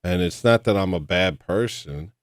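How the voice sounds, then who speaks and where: A man chatting casually while gaming, telling rambling, self-deprecating stories with wry, deadpan humor. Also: low-pitched, moderate pace, no room sound, clean studio sound.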